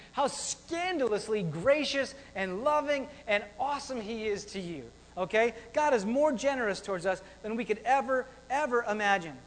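Male pastor, high voice, energetic conversational sermon, church reverb. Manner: animated, repetitive, conversational preaching with rhetorical questions.

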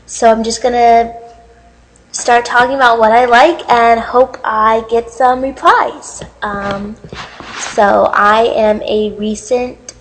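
A woman's voice: on the high side, steady tone, takes it slowly, rough recording. A young woman recording a dating profile video, tearful and overwrought, laughing and crying as she talks. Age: young adult. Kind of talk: comedic dating video monologue.

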